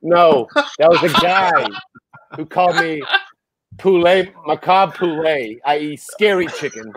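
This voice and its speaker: A man co-hosting a casual podcast, telling stories in an animated way and swearing freely. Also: fairly high pitch, measured pace, dry recording. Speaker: podcast co-host. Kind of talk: casual chat.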